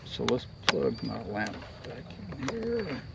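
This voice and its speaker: A man's voice: medium pitch, huge pitch swings, slow pace, vocal fry, very noisy. An older man, giving laid-back short replies while chatting at an outdoor campsite at night. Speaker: hiking partner. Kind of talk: casual chat at camp. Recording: off-mic with loud crickets.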